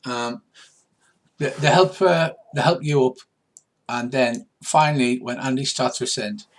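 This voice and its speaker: A man narrating as game master for a casual tabletop game among friends, in a relaxed, loose way. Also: mid-range voice, unhurried. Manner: relaxed, slips into gruff pirate voices.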